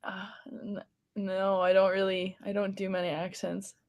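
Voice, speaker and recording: A woman's voice: mid-range voice, completely flat delivery, normal speed, darkish tone. A woman guest on a podcast talking in casual chat, hesitant and filling with "like". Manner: hesitant, many "like" fillers.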